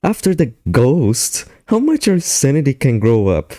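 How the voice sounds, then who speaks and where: A young man commentating a horror fan game, laughing often, swearing and reacting excitedly between explanations. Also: medium pitch, a little slow, dry recording, studio quality. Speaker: gaming YouTuber. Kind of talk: game commentary mixing live play and scripted explanation.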